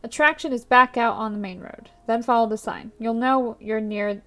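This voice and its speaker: Woman playing a rude motel clerk, New York-style accent, gruff, sneering, fairly high voice. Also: steady tone, normal speed, a bit bright. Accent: put-on New York-style accent.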